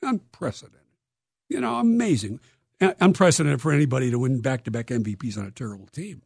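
A man, an author being interviewed, telling stories in a lively, dramatic way and acting out quotes. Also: mid-range voice, quick pace, creaky, husky, no echo, studio quality. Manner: lively, dramatic storyteller who acts out quotes. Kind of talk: animated interview storytelling.

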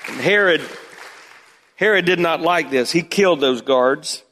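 A man's voice: measured pace, a crowd in the background, background noise. Preaching man in a reverberant hall. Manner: dramatic, swings from loud emphatic bursts to hushed low asides. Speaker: pastor. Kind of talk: sermon.

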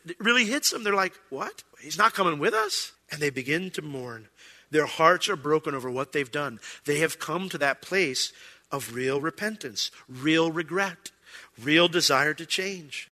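A man preaching a sermon as pastor, animated and acting out quoted lines. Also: on the high side, moderate pace, in a large hall.

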